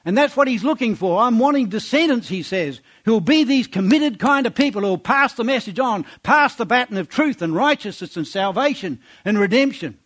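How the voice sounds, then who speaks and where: A man preaching a sermon, reading scripture aloud and exhorting his congregation with rhetorical questions, dropping low and quiet on his words of praise. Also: expressive, fairly quick, hardly any pauses.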